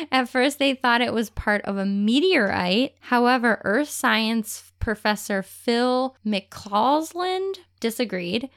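A woman's voice: a little high, big pitch swings, slow, fairly bright tone. A woman co-hosting a podcast, telling a strange story in a chatty, giggly way. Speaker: podcast co-host. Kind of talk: casual storytelling chat.

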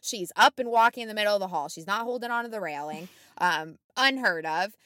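A woman co-hosting a podcast, telling a story in a casual, animated way with lots of fillers, and acting out what people said. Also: mid-range voice, fairly quick, smooth, no room sound, studio quality. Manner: animated, many fillers, acts out quotes. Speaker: podcast co-host.

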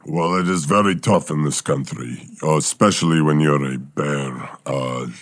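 A man voicing a gruff male talking bear, a failed war experiment, in an improvised comedy podcast. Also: very deep voice, measured pace, dry recording, studio quality.

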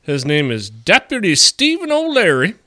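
A man's voice: fairly high pitch, wildly swooping pitch, moderate pace, sharp tone. A man co-hosting a casual comedy podcast, reading out odd news stories with crude jokes. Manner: crude, jokey, reads out news items.

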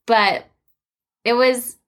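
A woman's voice: fairly high pitch, fairly even intonation, extremely slow, fairly bright tone. Chatty, laughing woman host. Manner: chatty, laughs often, acts out family quotes. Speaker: podcast host, mother of three. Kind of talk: casual chat.

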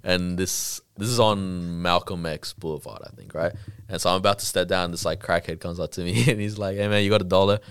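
A young Australian man telling stories in casual podcast chat, loose and relaxed, with many "like" fillers. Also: sits low, brisk, clean tone, dry recording, clean studio sound. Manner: relaxed storyteller, full of "like" fillers. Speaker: podcast co-host.

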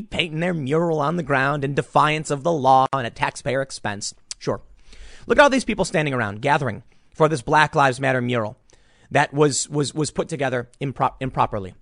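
A man's voice: a little high, no echo, clean studio sound. An American man giving emphatic, indignant political commentary, often repeating his words. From United States. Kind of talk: opinion commentary.

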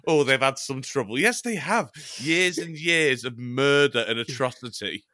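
A man's voice: medium pitch, animated, measured pace, pushed and bright, no echo, studio quality. A man from Chester, a podcast co-host, rambling through casual jokey banter and swearing now and then. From Chester, England.

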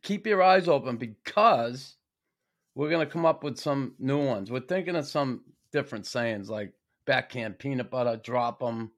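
A man's voice: medium pitch, animated, normal speed. A man with a Boston accent hosting a podcast, telling stories in a blunt, profane, casual way. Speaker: podcast host. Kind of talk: casual interview chat.

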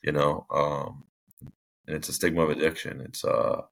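Young guy with a super deep voice, rambling through his own story on a podcast, lots of restarts. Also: level tone, normal speed, vocal fry, a bit bright. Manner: rambling, with frequent restarts and fillers. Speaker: podcast guest. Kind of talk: candid personal storytelling.

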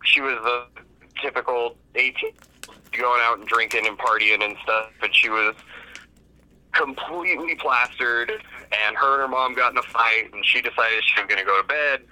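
A man phones in to a radio show and tells a story in a plain, matter-of-fact way. His voice is very bright and edgy. It comes through a tinny telephone line. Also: mid-range voice, normal speed. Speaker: caller. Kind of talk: telling a story on a call-in show.

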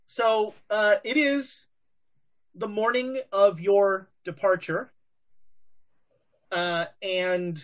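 A woman's voice: mid-range voice, steady tone, drawn-out words, long pauses. A woman narrating a tabletop game as game master, hesitant and full of fillers.

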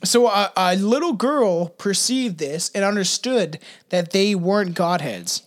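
A woman's voice: medium pitch, animated, unhurried. A woman casually telling a story on a podcast, meandering with fillers and frequent laughs. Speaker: podcast co-host.

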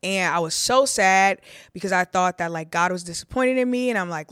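A woman's voice: fairly low pitch, normal speed, fairly bright tone, clean tone, dry recording, studio quality. A young woman, a preacher, talking through her testimony on a podcast in a candid, heartfelt way, with a lot of "like" fillers. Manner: conversational, heartfelt, with frequent "like" fillers.

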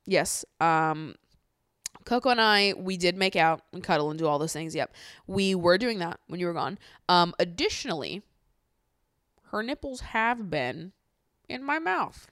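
A woman's voice: on the low side, animated, unhurried, a bit bright, dry recording. A smug male reality-show contestant confesses in a sheepish, offhand way, as a woman puts him on. The voice stays close to a woman's own speech and sounds dry and close.

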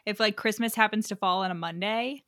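A woman co-hosting a casual book podcast, talking in an animated way, laughing often and swearing casually. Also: medium pitch, a little fast, no room sound, clean studio sound. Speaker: podcast co-host. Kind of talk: casual book-club chat.

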